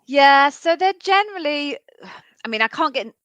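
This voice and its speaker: A woman's voice: high voice, animated, a little slow, fairly bright tone, dry recording, dull audio. A woman coaching job candidates live, explaining the interview process in a frank, conversational way.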